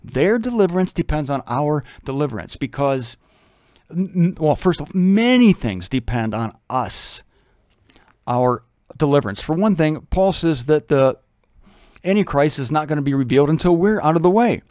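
A man's voice: a little high, animated, normal speed, a little mellow, no room sound, clean studio sound. A man giving a conversational, humorous Bible teaching, breaking into little acted voices.

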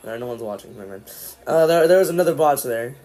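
A man streaming live, casually calling the action play-by-play, with sudden excited outbursts. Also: medium pitch, fast. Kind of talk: live watch-along commentary.

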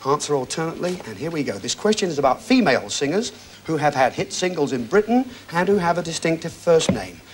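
A man's voice: a little high, big pitch swings, fast, slight background noise. A man hosting a television quiz show, reading questions and joking with contestants in a breezy, easygoing patter. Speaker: game show host. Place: television studio with audience.

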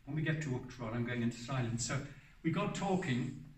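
A hermit in his seventies tells anecdotal stories at a public talk in a roomy hall, speaking fast in a mid-range voice with lively intonation. He rambles, often restarting and correcting himself. The recording comes from a distant mic and sounds roomy.

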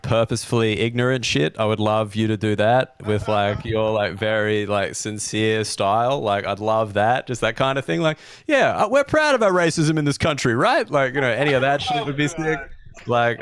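A man's voice: mid-range voice, fairly even intonation, moderate pace. An Australian man co-hosting a comedy chat show on a video call, rambling loosely with lots of fillers and swearing. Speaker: co-host.

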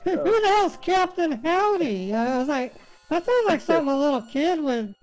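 A man's voice: very high voice, expressive, a little fast, darkish tone, soft background music. A man voicing a fragile, rambling woman who sobs with grief and then chatters on sweetly. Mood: chatty, sweet. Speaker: scambaiter.

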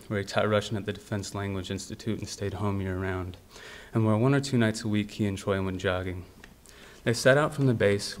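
A man from the United States reading his own literary fiction aloud in a steady, measured way. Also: fairly low pitch. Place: university library event.

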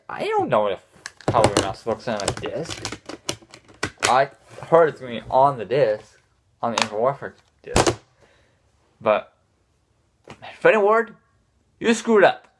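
A man's voice: medium pitch, a little hiss or hum. A man ranting casually to his viewers, frustrated and swearing often, restarting his sentences. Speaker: gaming vlogger.

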